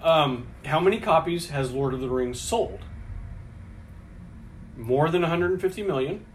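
A man's voice: fairly high pitch, animated, unhurried, slight background noise. A man co-hosting a casual podcast, reading out trivia questions and answer options, with frequent restarts and laughter. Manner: hesitant, many restarts, laughs often. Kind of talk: casual chat.

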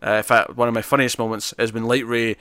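Host, man, bright forceful tone, dry sound, casual rambling chat. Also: mid-range voice, flat delivery, fast, clear, resonant tone, no echo. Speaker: podcast host.

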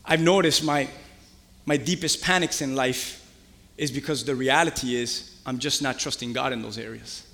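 A man preaching a sermon as pastor, animated and conversational, questioning his congregation. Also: medium pitch, moderate pace, long reverb tail, a little hiss or hum. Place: church.

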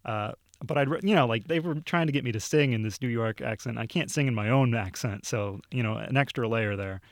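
A man's voice: mid-range voice, a little fast, dry recording, clean studio sound. A young man, a video producer, casually recounting stories in a podcast chat, with lots of fillers and easy laughs. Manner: laid-back storytelling with frequent fillers and laughs. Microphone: studio microphone.

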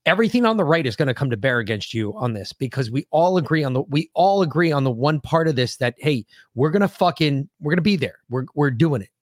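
Brief: male podcast co-host, higher-pitched voice, dry close sound, heated profane rants. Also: animated, quick pace, hardly any pauses, no room sound. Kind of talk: casual political podcast chat.

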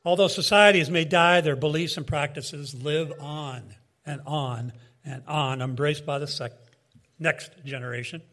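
Male preacher, earnest and measured, fairly high voice, conversational asides. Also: fairly even intonation, fairly bright tone. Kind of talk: sermon.

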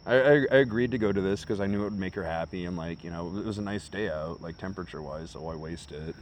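A man's voice: sits low, fast, darkish tone, a little hiss or hum. An American man chatting casually as podcast co-host outdoors in a park, rambling through stories and swearing freely. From United States. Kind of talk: casual chat.

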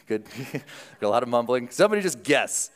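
A man preaching a sermon as pastor, in an informal, conversational way, after an opening prayer. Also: medium pitch. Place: church sanctuary. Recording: reverberant church hall.

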